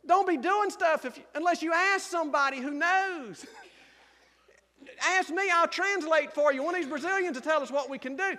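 A man's voice: very high voice, very animated, normal speed, pauses often, pushed and bright, big-room sound. A man with a Georgia Southern accent preaching a humorous sermon as a missionary pastor, telling folksy stories and laughing often. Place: church sanctuary.

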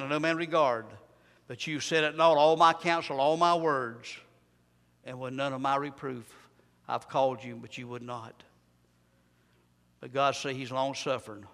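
A man preaching a fervent revival sermon in a church, rising loud and dropping to a hush. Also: medium pitch, steady tone, moderate pace, pauses often, in a large hall. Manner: fervent, swings from loud to hushed. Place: church sanctuary.

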